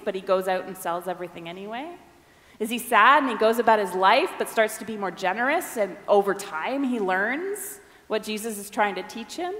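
A fairly high-voiced woman delivers a sermon in a relaxed, conversational way. She briefly acts out the voices of the people in the story. Her voice rings with the long reverb of a large hall. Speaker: preacher.

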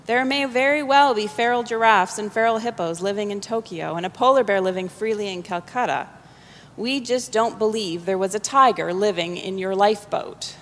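A woman's voice: medium pitch, moderate pace, close to an everyday voice. A woman voicing a passionate, indignant sixteen-year-old boy, speaking in a mocking, theatrical way. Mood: scornful. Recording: long hall reverb.

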